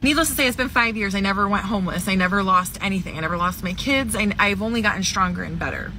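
A woman's voice: medium pitch, fast talker, bright, forceful tone, rough recording. A woman casually telling a personal story, emphatic and swearing freely. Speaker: woman telling her divorce story in a clip. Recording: background noise.

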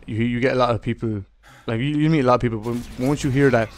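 Ranting casually to his viewers, a young Irishman who makes gaming videos rambles along in a profane, jokey way with his Irish accent. The voice is medium-pitched and fairly even, the pace quick, and slight background noise is present.

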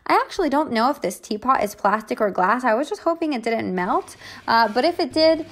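A woman's voice: fairly high pitch, lively intonation, fairly quick, a bit bright. A young woman talking casually through her vlog, joking and poking fun at herself as she cooks and tastes food. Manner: jokey, self-mocking, chatty. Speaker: vlogger. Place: home kitchen.

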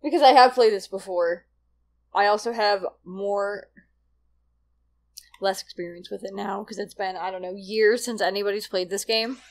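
A woman streaming a video game, talking casually to her viewers, with frequent loud outbursts and a lot of swearing. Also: mid-range voice, normal speed. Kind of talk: casual let's-play commentary.

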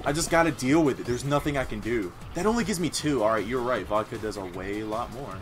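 A man doing casual gameplay commentary, loud and crude, often yelling. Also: mid-range voice, lively intonation, fairly quick. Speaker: let's play gamer. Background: game music.

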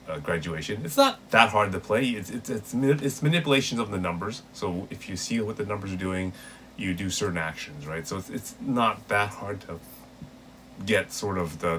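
A man's voice: low voice, a bit bright, slight background noise. A man hosting a show, casually retelling a comic in a chatty way with many fillers. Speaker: host.

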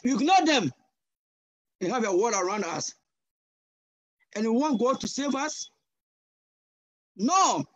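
A man with a Ghanaian accent preaching a sermon over a video call, passionate and switching between English and Twi with sudden loud cries. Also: extremely high pitch, big pitch swings, slow pace, pauses often, no echo, highs cut off. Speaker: guest pastor.

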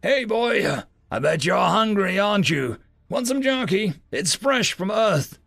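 A man's voice: sing-song, a little slow, gravelly, fairly bright tone, dry recording, clean studio sound, heavily acted. A man voicing a cocky young human man who mocks his captor and coos at a dog. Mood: cooing. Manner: teasing, cooing, lifted pitch.

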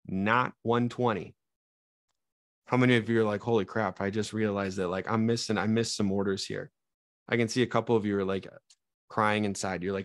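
A man's voice: lowish voice, no room sound, studio quality. A young man running a live sales training, talking straight to his trainees with energy that rises and falls.

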